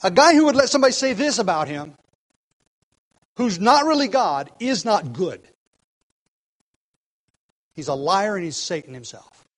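A man's voice: high voice, very animated, normal speed, pauses often, low-quality recording. A man preaching an expository sermon, earnest and emphatic, restarting phrases and shifting his pace.

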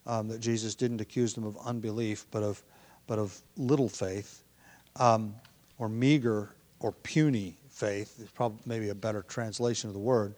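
A man preaching a verse-by-verse Bible sermon in a conversational, thinking-aloud way, with frequent ums, restarts and throat clearing. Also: lowish voice, fairly even intonation, moderate pace, darkish tone.

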